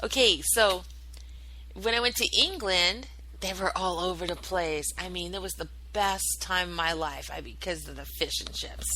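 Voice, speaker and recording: A woman's voice: on the low side, normal speed, sharp tone, a little hiss or hum, low-quality recording. A woman hosting her own internet radio show, chatting casually and rambling with lots of fillers and swearing. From United States. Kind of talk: casual solo chat, answering listener chat.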